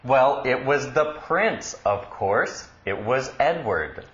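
A man teaching English on a radio lesson, explaining words slowly and patiently with lively emphasis. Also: medium pitch, roomy sound, lo-fi sound.

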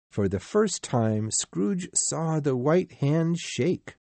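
A man reading a storybook aloud in a slow, measured, expressive way. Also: on the high side, vocal fry, dry recording. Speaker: narrator.

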